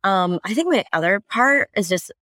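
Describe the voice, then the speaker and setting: A woman's voice: mid-range voice, animated, moderate pace, sharp tone, no echo, studio quality. A woman who works at a small business, chatting as a guest on a podcast and speaking upbeat and enthusiastically. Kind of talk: casual podcast chat.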